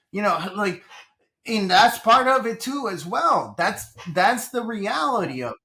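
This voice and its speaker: A Colombian man appears as a guest on a podcast interview, where he works as a business coach and tells stories with lively energy, often repeating his phrases. His voice sits high and his delivery is a little slow.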